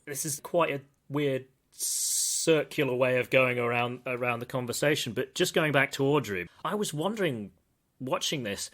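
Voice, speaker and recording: In a mid-range, slightly bright voice at moderate pace, a podcast host offers casual, thoughtful, digressive commentary on a film. He calls himself a pedant along the way.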